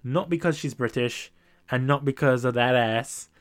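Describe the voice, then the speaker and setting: A man's voice: medium pitch, moderate pace. Chatty young man on a gaming podcast. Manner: animated, laughing, repeats himself. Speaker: podcast host. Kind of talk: casual gaming podcast chat.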